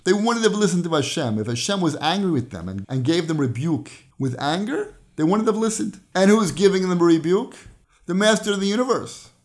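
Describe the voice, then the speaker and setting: A man delivers his weekly Torah lesson by podcast in a slightly high voice, a little fast and with lively intonation. Earnest in his explanations, he relies on scripture and retold stories to drive his points home.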